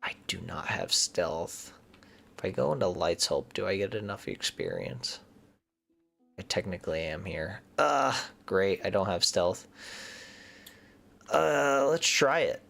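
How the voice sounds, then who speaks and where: A man's voice: low voice, big pitch swings, slow, creaky, long pauses, fairly bright tone. A man giving casual commentary as he plays a game, chatting and thinking aloud, sometimes muttering nervously under his breath. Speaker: gaming streamer.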